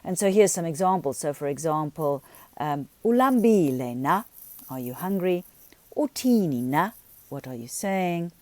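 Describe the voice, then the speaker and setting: A woman teaching a beginners' language grammar lesson, explaining patiently and saying the example words slowly. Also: deep voice, expressive, darkish tone, no echo. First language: not Xhosa.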